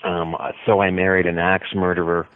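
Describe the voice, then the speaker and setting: A man being interviewed as an author, talking in a rambling, hesitant way with many pauses. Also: low voice, flat delivery, dry recording. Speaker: author guest. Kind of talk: radio interview by phone. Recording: tinny phone line.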